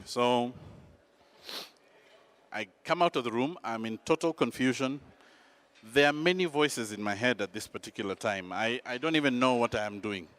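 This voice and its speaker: A man telling a personal story in an animated, dramatic, self-mocking way. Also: mid-range voice, moderate pace.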